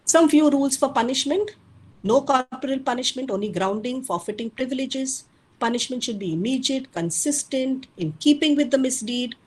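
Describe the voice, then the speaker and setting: Her voice sits high and sounds husky, animated and at normal speed, though the recording quality is poor. She is a parenting speaker giving a sincere webinar lecture, addressing parents head-on with guidance.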